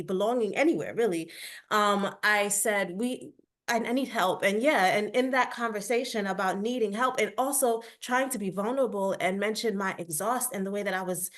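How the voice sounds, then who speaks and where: A woman on a video-call panel recounts her experience as a parent in a candid, emotional way, often slipping into quoted back-and-forth. Her voice sits at a middle pitch for a woman. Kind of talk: personal account on a webinar panel.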